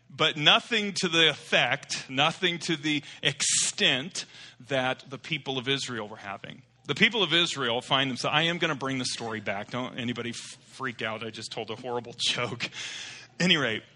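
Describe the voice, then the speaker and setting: A man's voice: mid-range voice, pushed and bright. A middle-aged man preaching a sermon, telling a story in a loose, rambling way before turning to scripture. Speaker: pastor. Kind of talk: sermon with a told joke.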